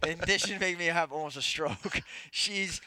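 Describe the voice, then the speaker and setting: A young man from Texas co-hosting a podcast, telling animated stories in casual chat. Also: on the high side, a little fast, background noise. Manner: animated storyteller, mimics his mom. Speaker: podcast co-host.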